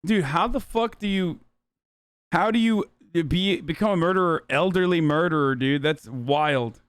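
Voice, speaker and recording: Young man, streamer host, high voice for a man, smooth resonant tone, dry close sound, casual swearing. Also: a little slow, no echo. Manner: loose, profane, joking. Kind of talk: casual livestream reaction chat.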